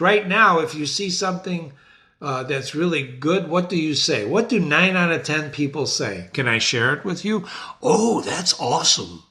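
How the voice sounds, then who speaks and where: Here a middle-aged man, a literature teacher with his own website, gives an energetic, dramatic lesson on classic books to camera. "Ladies and gentlemen" comes up often, delivered in a high, swooping voice that sounds bright and forceful.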